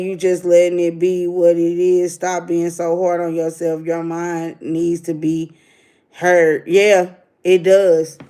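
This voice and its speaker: A woman's voice: lowish voice, warm tone. A middle-aged woman, ranting bluntly to her livestream viewers like a preacher. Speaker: livestream host. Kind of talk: casual livestream rant.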